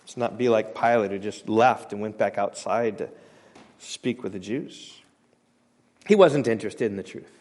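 A man preaching a sermon as pastor, emphatic, rising loud on scripture and dropping quiet, often repeating and restarting his words. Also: on the low side, normal speed.

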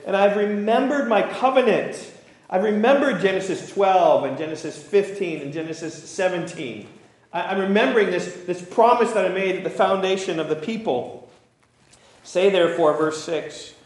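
A man preaching a sermon, reading scripture aloud and then explaining it earnestly, sometimes stumbling into small restarts. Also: on the high side. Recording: very echoey room.

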